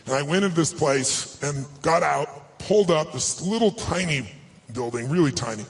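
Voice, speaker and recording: A man's voice: on the high side, animated, normal speed. A man giving a live motivational talk to an audience, telling a personal story in an emphatic, earnest way. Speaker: motivational speaker.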